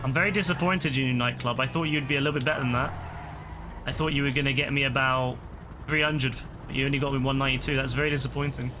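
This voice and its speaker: A man's voice: medium pitch, steady tone, fast talker. A tired man streaming a game, talking to himself and the game in a frustrated, exclaiming way, his voice starting to break. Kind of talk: live gameplay commentary. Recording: clear game noise behind the voice.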